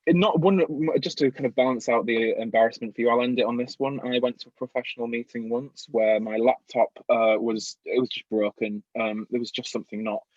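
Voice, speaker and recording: A man's voice: mid-range voice, fairly even intonation, a little fast, hardly any pauses, darkish tone, dry recording. A young man hosting a casual live-stream chat, upbeat, laughing easily and reading out viewer comments. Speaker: host and show creator. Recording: dull lo-fi stream audio.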